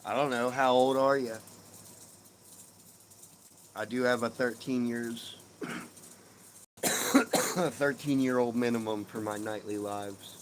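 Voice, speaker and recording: Taking it slowly and pausing often, a middle-aged man jokes and swears freely with viewers during a casual live stream outdoors on his home porch. His voice is mid-range with a steady tone. The audio quality is poor, with slight background noise.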